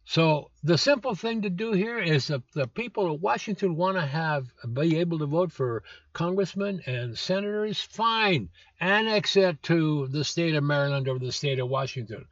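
A man's voice: a little high, lively intonation, normal speed, hardly any pauses, no room sound. A man in his seventies hosting a political commentary show, blunt and scornful, with lots of "uh" fillers. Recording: dull lo-fi dry recording.

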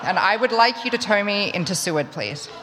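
A man's voice: high voice, expressive, fairly quick, long reverb tail, crowd noise, noisy background. A woman voicing a stubborn, hesitant fisherman who politely turns down a rescue. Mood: polite refusal.

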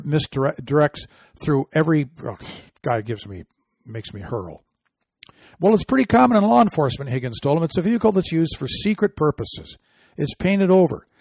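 A man's voice: a little high, creaky, darkish tone, slightly rough, no room sound, studio quality. A man hosting an opinion commentary show, reading quotes aloud and answering them with indignant, scoffing remarks.

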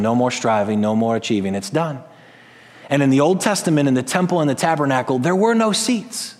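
A man preaching a sermon, swinging between raised, emphatic lines and low, quiet asides. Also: big-room sound. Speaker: pastor.

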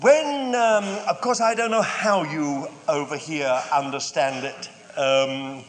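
An older British man preaching a sermon, stretching key words out and dropping in wry, humorous asides. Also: on the high side. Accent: British English. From United Kingdom. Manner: measured, drawn-out emphasis with wry humorous asides. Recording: long hall reverb.

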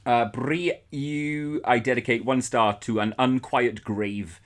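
A man's voice: mid-range voice, steady tone, takes it slowly. A man co-hosting a podcast, giving blunt, swear-filled, scathing movie verdicts in casual chat. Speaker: podcast co-host.

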